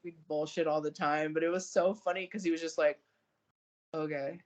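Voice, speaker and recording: A woman co-hosting a podcast, telling stories in a casual, profane, animated way and acting out the people she quotes. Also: low-pitched, normal speed, a crowd in the background. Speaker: podcast co-host and powerlifter. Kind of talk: casual storytelling chat.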